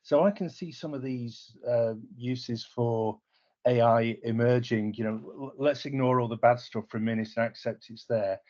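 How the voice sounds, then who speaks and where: A man's voice: medium pitch, moderate pace, darkish tone. A man asking a question in an online Q&A over a video call, earnest with stammering restarts. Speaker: audience member asking a question. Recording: dull lo-fi video call audio.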